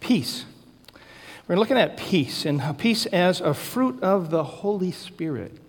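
A male pastor delivers a sermon in a church sanctuary, his voice a little higher than most men's. He lists things slowly and deliberately, leaning on key words, and a long reverb trails behind him. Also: expressive. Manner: slow, deliberate listing with emphatic stresses.

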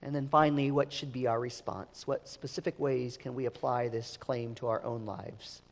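A man's voice: mid-range voice, steady tone, moderate pace. A man preaching a sermon as pastor, emphatic, sometimes repeating words as he restarts. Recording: long reverb of a large hall.

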